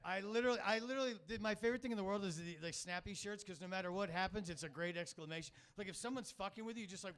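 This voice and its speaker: A man's voice: high voice, rapid-fire, hardly any pauses, a bit bright, a little hiss or hum. A middle-aged man doing a rambling, crude, self-mocking stand-up comedy set on a club stage, swearing a lot as he hosts the show. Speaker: stand-up comic and show host.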